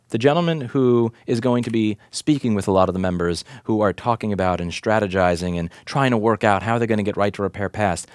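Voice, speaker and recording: A man's voice: on the low side, dry recording, studio quality. A man in his thirties, a repair shop owner and advocate, giving an impassioned, indignant rant to camera, firing off rhetorical questions and swearing for emphasis. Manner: rhetorical questions, hammering repetition. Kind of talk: direct-to-camera commentary rant.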